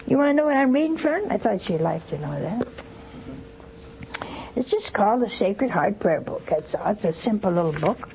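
A woman's voice: medium pitch, sing-song, normal speed, a little mellow, slight background noise, low-quality recording. An older woman, a nun hosting a call-in show, teaching devotion in an earnest manner and rousing her audience with questions.

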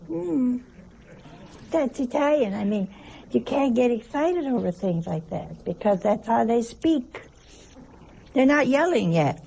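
A woman's voice: on the high side, lively intonation, slow, gravelly, long pauses, dark tone, breathy edge. An older woman, a nun, giving a conversational sermon, telling anecdotes and asking rhetorical questions. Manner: chatty, asks rhetorical questions, tells anecdotes. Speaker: nun giving a religious talk.

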